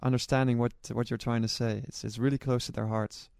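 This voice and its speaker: A man speaks at an ordinary pitch for his sex, with an earnest, storytelling manner, often restarting his sentences as he thinks. His voice is close and dry, with no room echo. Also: little pitch movement, fairly quick, creaky, darkish tone, smooth. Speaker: charity relay runner and organizer. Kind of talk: personal recollection to camera.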